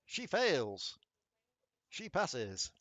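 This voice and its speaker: A man's voice: on the high side, huge pitch swings, bright, forceful tone, no echo. A man running a tabletop game as game master, narrating and rolling dice with a chatty, laughing manner. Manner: chatty, laughs often, quick bursts of rules talk.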